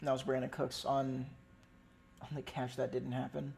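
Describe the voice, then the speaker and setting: An amateur streamer with a creaky, mid-range voice gives a moderately paced play-by-play of a game. Excitable and pleading, they swing between loud outbursts and quiet muttering, swearing often, over a little hiss or hum.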